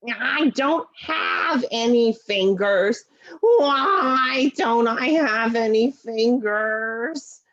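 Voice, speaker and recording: A woman's voice: a little high, expressive, fairly bright tone, no room sound, muffled recording, heavily acted. A woman voicing a glum, frustrated male felt animal puppet who sighs and sulks, in a puppet show over a video call. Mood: dejected. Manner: mopey, sighing, slow and sulky.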